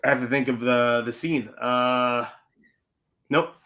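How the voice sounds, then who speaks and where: Bright-voiced man co-hosting a casual chat. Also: mid-range voice, flat delivery, slow. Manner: laid-back, rambling, laughs often. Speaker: podcast co-host.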